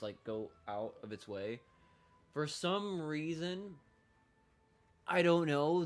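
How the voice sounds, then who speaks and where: A man streaming a video game, rambling through casual commentary, excitable and swearing freely. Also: mid-range voice.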